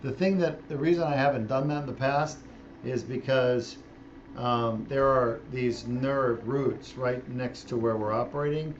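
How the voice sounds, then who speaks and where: Surgeon explaining mid-operation, dull audio. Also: male voice, mid-range voice, fairly even intonation, unhurried, slight background noise. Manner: casual, joking explanation. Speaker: spine surgeon. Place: operating room.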